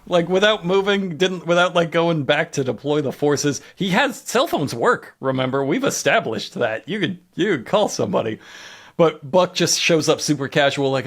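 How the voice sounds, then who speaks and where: A man's voice: on the high side, lively intonation, moderate pace, fairly bright tone. A man co-hosting a comedy podcast, recapping a show in casual chat with wry exasperation and little acted-out quotes. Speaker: podcast co-host.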